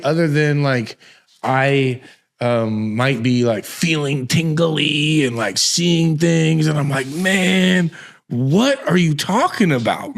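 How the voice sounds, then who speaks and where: A man hosting a podcast, telling a story in casual chat, animated and laughing, with slang and swearing. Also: fairly high pitch, gravelly. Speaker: podcast host.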